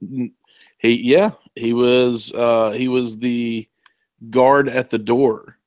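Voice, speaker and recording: A man's voice: medium pitch, level tone, slow, a little mellow, no echo. Rambling man with a dry close sound. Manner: rambling, many fillers and restarts. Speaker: podcast co-host. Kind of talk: casual chat.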